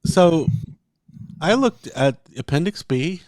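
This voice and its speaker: A man's voice: fairly high pitch, animated, slow, a little mellow, dry recording, clean studio sound. A man co-hosting a podcast in casual chat, talking with fillers and restarts and sometimes reading passages aloud. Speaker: podcast co-host.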